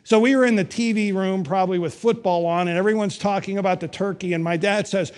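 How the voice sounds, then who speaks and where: A middle-aged man preaching a sermon, telling stories with wry humor and emphatic pauses. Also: high-pitched, steady tone, a little mellow. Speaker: pastor.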